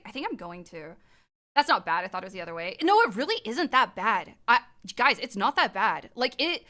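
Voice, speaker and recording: A young adult woman streaming live, chatting casually with her viewers, excitable, laughing often and swearing freely. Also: on the high side.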